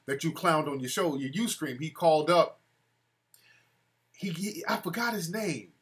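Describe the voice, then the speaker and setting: A man's voice: on the high side, expressive, normal speed, a bit bright, slightly rough. A man hosting a live call-in show, mocking callers in loose street slang. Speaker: host.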